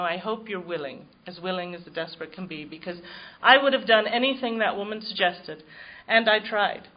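A woman's voice: fairly low pitch, dull audio. A woman giving personal testimony at a recovery meeting, telling her story in a wry, self-mocking way.

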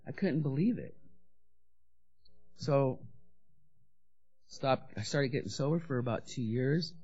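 A woman's voice: a bass voice, expressive, slow, pauses often, mellow, slightly rough. A woman candidly telling her story of drinking and recovery, blunt and profane, acting out the people she quotes. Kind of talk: candid personal recovery talk. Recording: dull lo-fi recording.

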